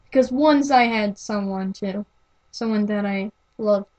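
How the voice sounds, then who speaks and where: A woman voicing a gentle, remorseful male robot sphere who speaks quietly and haltingly. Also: medium pitch, close to an everyday voice, low-quality recording. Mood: sad, confessing.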